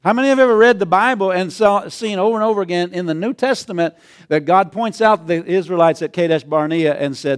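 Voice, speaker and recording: A male pastor delivers a sermon in a smooth, high-sitting voice at a fairly quick clip. He chuckles often and calls out to the congregation in call-and-response fashion.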